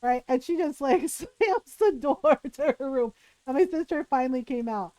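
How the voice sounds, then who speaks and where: Female streamer, casual storyteller, bright high voice, dry room, loose and chatty with curses. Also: expressive, moderate pace, no echo, low-quality recording. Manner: chatty, peppered with swearing and "like".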